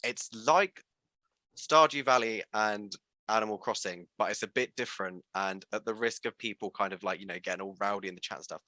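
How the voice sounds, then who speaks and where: A man hosting an interview, gushing and animated, with many fillers. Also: fairly low pitch, brisk, no room sound. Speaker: interview host. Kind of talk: enthusiastic casual interview.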